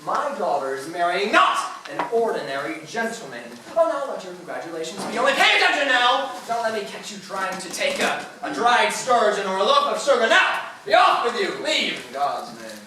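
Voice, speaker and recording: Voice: mid-range voice, sing-song, normal speed, few pauses, lightly acted. Student playing a gloating pompous mayor. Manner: gloating, declamatory, bursts of laughter. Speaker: student actor. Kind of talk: amateur school stage acting. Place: school stage. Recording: echoey hall from far off, noisy.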